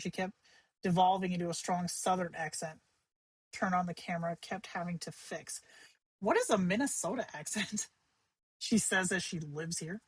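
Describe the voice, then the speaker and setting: A woman hosting a livestream tutorial, talking in a chatty, conversational way with quick asides. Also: lowish voice, slightly rough, no echo, poor audio. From Arizona. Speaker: livestream host teaching AI companion tips.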